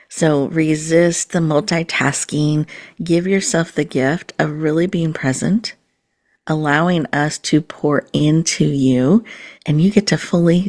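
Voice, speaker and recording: A woman podcast host leading a guided mindfulness meditation in a slow, soothing, inviting way. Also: low-pitched, darkish tone.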